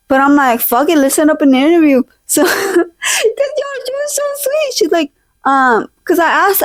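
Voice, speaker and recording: A young podcast vlog host with a high voice tells a casual story in a slangy, chatty way, mixing in Spanish phrases. There's no echo, but her home handheld or desk mic is poor and she sometimes drifts off it.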